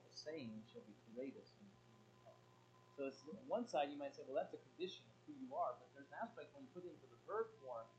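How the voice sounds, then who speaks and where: A middle-aged man preaches with a voice pitched a little above most men's. He shifts between forceful emphasis and quiet asides. The recording is muffled, with a faint hum underneath. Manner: animated, swings from emphatic to quiet. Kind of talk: sermon with audience interaction.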